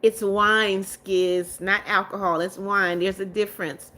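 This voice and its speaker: A young woman hosting a casual livestream, chatting to her viewers as their comments come in. Her voice sits at a middling pitch for a woman, and she greets newcomers warmly with repeated hellos and welcomes. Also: level tone, a little slow. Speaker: livestream host. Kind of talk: casual live chat, reading viewer comments aloud.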